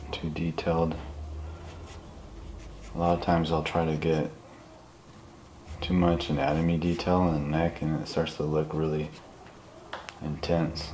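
A man quietly talking through a live portrait drawing in his apartment, soft-spoken with nervous asides. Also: a bass voice, little pitch movement, measured pace, pauses often, echoey room, a little hiss or hum. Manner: soft-spoken, murmured, self-conscious asides. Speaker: artist demonstrating drawing. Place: apartment room, indoors.

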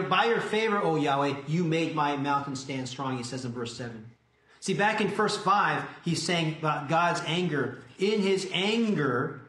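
A man preaches to his congregation in an earnest, deliberate way, drawing out the scripture lines. His voice sits a little high for a man. The sound rings with the echo of a church sanctuary. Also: fairly bright tone. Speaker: pastor. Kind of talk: sermon.

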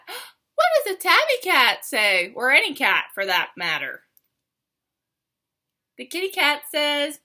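High, lively woman teacher reading aloud. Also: measured pace, long pauses. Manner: sing-song, exaggerated and encouraging for toddlers. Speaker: preschool teacher. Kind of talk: circle time read-aloud for young children.

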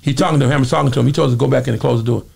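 A man telling stories in a casual interview, acting out the people he quotes with lively energy. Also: mid-range voice, racing, vocal fry, husky. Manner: animated storyteller, acts out quotes. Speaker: guest.

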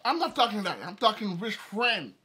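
A man's voice: sits high, lively intonation, moderate pace, pushed and bright, slightly rough. A man at home in a casual mukbang video, questioning his wife insistently and suspiciously. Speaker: vlogger, husband. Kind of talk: casual argument during a mukbang.

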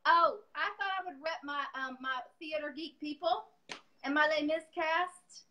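A middle-aged woman, a furniture painter, speaking as a guest on a livestream; she talks loudly and rambles, poking fun at herself over a phone call. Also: sits high, fairly even intonation, moderate pace, slight background noise. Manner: talkative, loud, self-deprecating, rambling. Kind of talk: casual livestream chat. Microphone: phone on a video call.

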